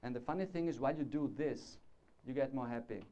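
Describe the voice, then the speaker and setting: A man with a mellow, mid-pitched voice lectures a conference audience, wandering between points and stopping to ask if they follow. The sound is a dull, lo-fi 1990s conference tape. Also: quick pace. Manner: discursive, demonstrating with gestures and asking the audience. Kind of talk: live conference talk. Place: lecture hall before an audience.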